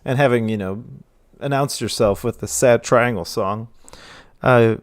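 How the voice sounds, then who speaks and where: A man's voice: medium pitch, unhurried, dry recording. Male game master, easygoing filler-heavy narration, dry recording.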